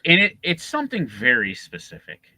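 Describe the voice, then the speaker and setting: A man's voice: medium pitch, huge pitch swings, moderate pace, bright, forceful tone, low-quality recording. A man co-hosting a casual sports podcast, ranting with lots of swearing and laughter. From Chicago area. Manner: profane, ranting, laughing often. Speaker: podcast co-host.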